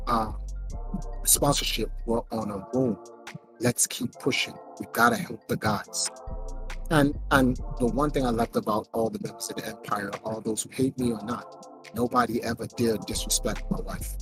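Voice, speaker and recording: A man telling stories on a podcast in a casual, animated way, laughing often. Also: mid-range voice. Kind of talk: casual storytelling.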